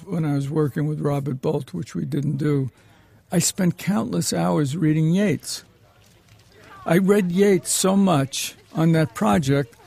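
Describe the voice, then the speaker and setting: Man, raised voice with gravel, rambling storyteller, film director in interview. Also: fairly high pitch, mellow, dry recording. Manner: rambling, digressive anecdote telling. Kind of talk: reminiscing interview answer.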